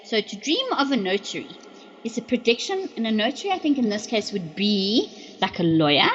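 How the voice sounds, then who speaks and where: A woman's voice: medium pitch, sing-song, fairly quick, highs cut off, a little hiss or hum. A middle-aged woman hosting a livestream in casual chat, reading dream meanings, exclaiming often and swearing freely.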